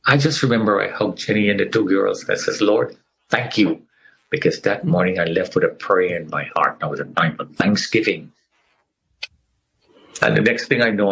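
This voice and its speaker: A man's voice: low voice, creaky, a bit bright, breathy edge, rough recording. A middle-aged man telling his survival story with earnest feeling, acting out the people he quotes. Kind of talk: emotional personal testimony.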